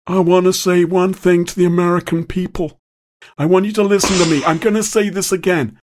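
A man's voice: high-pitched, fairly even intonation, fairly quick, background noise, pitched above the performer's own voice, natural voice. A man doing a presidential denial speech. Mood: solemn. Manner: solemn address to the nation.

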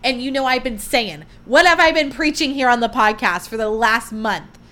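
A young woman hosting her own podcast, chatting in a loose, rambling way. Her voice sits a little on the high side, and she fills it with likes and you-knows and starts sentences over. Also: moderate pace. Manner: chatty, animated, lots of fillers. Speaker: podcast host. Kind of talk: casual chat.

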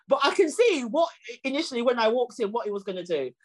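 A middle-aged woman, a guest on a podcast, telling stories in a relaxed, humorous and animated way, often repeating words as she starts a sentence. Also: a little high, quick pace. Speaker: guest, clean air campaigner. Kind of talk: casual storytelling in conversation.

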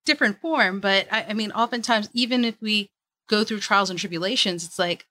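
A woman hosts a relaxed conversation in a bright, mid-pitched voice. She is down-to-earth and adds dry, joking asides. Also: fairly quick. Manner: wry and down-to-earth, with dry humor. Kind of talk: casual interview chat.

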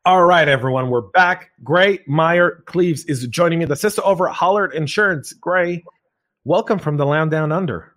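A man's voice: fairly high pitch, moderate pace, fairly bright tone. A man hosting a podcast in an upbeat, joking way. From United States. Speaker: podcast host.

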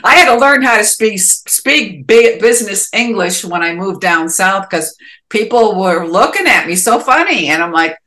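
A woman's voice: medium pitch, lively intonation, moderate pace, bright, forceful tone. A woman with a Boston accent, a musician guest chatting in a podcast interview, rambling and leaning on "you know" fillers.

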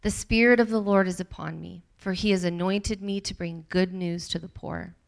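A woman reading scripture aloud to a group, with an expressive delivery that grows livelier in the quoted speech. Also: on the low side, normal speed, gravelly. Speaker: Bible study leader.

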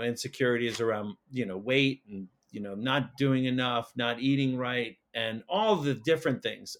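Earnest man telling a story. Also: mid-range voice. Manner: earnest, emotional, many fillers and restarts. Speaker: school counsellor, podcast guest. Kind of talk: casual storytelling conversation.

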